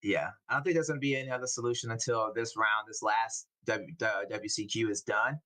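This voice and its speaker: A man's voice: lowish voice, steady tone, a little fast, sharp tone, low-quality recording. Guy with a midwestern american accent, southern roots, casting a card game tourney, laid back and explainy. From US Deep South. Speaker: tournament co-commentator. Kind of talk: casual esports commentary.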